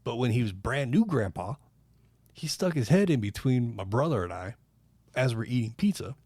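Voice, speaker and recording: A man's voice: mid-range voice, expressive, moderate pace, darkish tone, no room sound. A man co-hosting a casual podcast, telling rambling stories and swearing freely. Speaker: podcast co-host. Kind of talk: casual chat.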